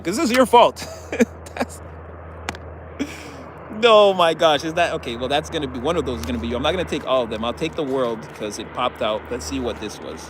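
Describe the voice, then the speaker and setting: A man's voice: medium pitch, a little hiss or hum. A man giving a casual tarot reading in a chatty, rambling way, laughing often. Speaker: tarot reader.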